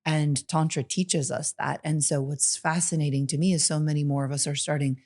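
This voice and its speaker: Woman podcast host, lowish voice, enthusiastic and chatty. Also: fairly even intonation, a little fast, a little mellow. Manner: enthusiastic, laughs often, lots of "like". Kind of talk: casual podcast conversation.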